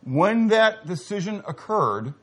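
A middle-aged man preaching a sermon, swinging between loud exclamations and quiet asides and putting questions to his listeners. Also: high voice, very animated, takes it slowly. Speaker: pastor.

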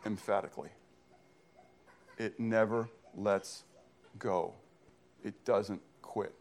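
Emphatic male preacher asking call-and-response questions. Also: lowish voice. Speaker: pastor. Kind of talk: sermon.

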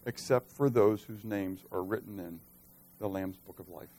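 A middle-aged man preaching a sermon, who swings from loud, emphatic stretches to soft, quiet asides and keeps asking the congregation questions. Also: fairly low pitch, normal speed. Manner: conversational, asks the congregation questions. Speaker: pastor.

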